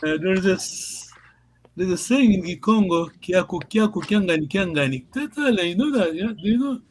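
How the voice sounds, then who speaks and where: A man with a high voice leads a language lesson over a video call. He speaks patiently and haltingly, repeats himself and laughs often. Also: expressive, a little hiss or hum, poor audio. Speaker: language teacher. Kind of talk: online language class.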